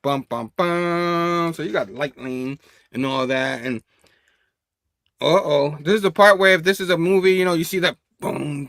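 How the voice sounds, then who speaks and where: A man's voice: fairly high pitch, moderate pace, fairly bright tone, no room sound, clean studio sound. Chatty man reading comic panels aloud. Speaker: comic book reviewer.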